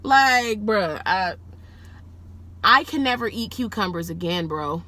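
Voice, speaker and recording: A female rideshare driver sits in her car and recounts a story to the camera at an unhurried pace. Her manner is relaxed and lively, with plenty of swearing and sudden high-pitched leaps when excitement takes over.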